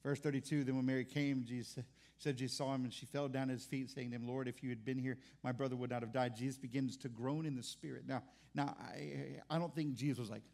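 A man's voice: mid-range voice, fairly even intonation, quick pace, vocal fry, a little mellow. A pastor preaching a sermon in an impassioned, conversational way, often restarting his words.

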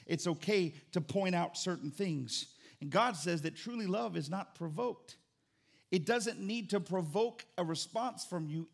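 Pastor, middle-aged man, high gravelly voice, animated joking sermon delivery. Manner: conversational preaching, animated and joking.

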